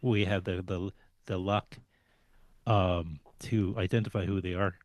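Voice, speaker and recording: Low-voiced man asking halting questions. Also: steady tone, a little mellow, no echo. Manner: halting, searching for words with many fillers. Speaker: interviewer. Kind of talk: interview questions.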